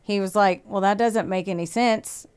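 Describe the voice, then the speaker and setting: A woman's voice: mid-range voice, moderate pace, a little mellow, clean tone. A woman hosting a podcast, telling a true-crime story in a casual, swearing, chatty way and acting out what people said. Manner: swears freely, acts out quotes, laughs often. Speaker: podcast host.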